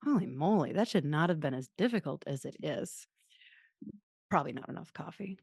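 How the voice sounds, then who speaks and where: A woman in her thirties hosting a podcast in a casual, rambling chat, poking fun at herself as she goes. Her voice sits a little low. The sound is dry and close, with no room around it. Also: lively intonation, brisk, vocal fry, a little mellow, husky, no room sound. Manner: rambling, self-deprecating storyteller. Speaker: podcast host.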